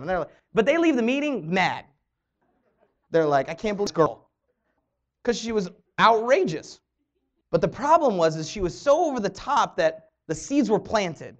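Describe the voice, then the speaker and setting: A woman trainer telling a motivational story and acting out the quoted dialogue. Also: on the low side. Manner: animated, acts out quoted dialogue. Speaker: network marketing trainer. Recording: dull lo-fi audio.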